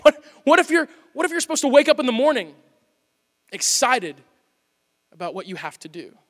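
A man in his thirties preaching a sermon in a church, animated and conversational with playful asides. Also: very high voice, normal speed. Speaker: pastor. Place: church auditorium. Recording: hall reverb.

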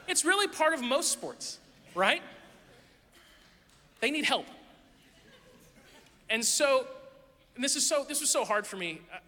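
A middle-aged male pastor preaches in a loose, conversational way, telling candid stories that poke fun at himself. His voice sits high and rings bright and forceful. The sound carries the long reverb of a large church hall. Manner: candid, self-deprecating, lively anecdotes. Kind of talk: conversational sermon storytelling. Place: church sanctuary.

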